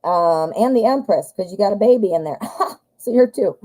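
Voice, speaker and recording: A woman's voice: mid-range voice, lively intonation, moderate pace, dark tone, rough recording. A woman giving a live-stream tarot reading in a chatty, joking way, calling her viewers hon and my dear. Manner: jokey, self-mocking asides. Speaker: tarot reader.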